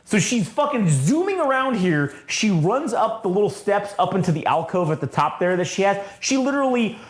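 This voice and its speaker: Animated, swearing man telling a story. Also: high voice, moderate pace. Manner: animated, swears a lot, heavy use of "like". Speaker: podcast co-host. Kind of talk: casual storytelling chat. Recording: echoey room.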